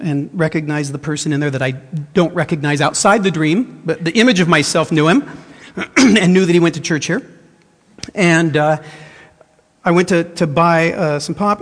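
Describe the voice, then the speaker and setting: A man's voice: on the high side, big-room sound. A man preaching a sermon as pastor, telling a personal story earnestly with frequent restarts.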